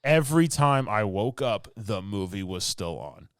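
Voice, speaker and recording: A man's voice: fairly low pitch, expressive, measured pace, a bit bright, no room sound, studio quality. A man co-hosting a podcast, recapping a film in a rambling, casual way with lots of "like" fillers. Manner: rambling, filler-heavy storytelling with laughs. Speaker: podcast co-host.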